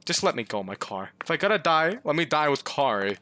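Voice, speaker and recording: A man's voice: fairly high pitch, big pitch swings, a little fast, bright, forceful tone, no room sound. A man giving comic let's-play commentary, pleading with his car and joking, breaking into yelps and swearing. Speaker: gaming YouTuber.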